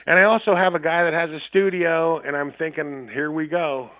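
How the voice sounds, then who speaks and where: Guy phoning in, tinny thin line, bit high voice, swears a lot and laughs through his stories. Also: fairly even intonation, moderate pace. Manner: rambling, profane, laughs often. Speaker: guest musician. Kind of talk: casual storytelling chat. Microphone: phone call.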